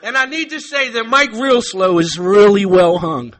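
Brief: middle-aged man, very high voice, profane meeting share that swings from loud to hushed. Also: animated, moderate pace. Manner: profane, swinging from shouting to quiet sincerity. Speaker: speaker sharing at a recovery meeting. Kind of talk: raw comedic testimony. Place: meeting room.

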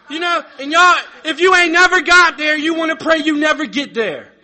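A middle-aged man telling his story at a recovery meeting, profane and comic, shouting at times and then going quiet and sincere. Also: very high voice, moderate pace, few pauses. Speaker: speaker sharing at a recovery meeting. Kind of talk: raw comedic testimony. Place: meeting room.

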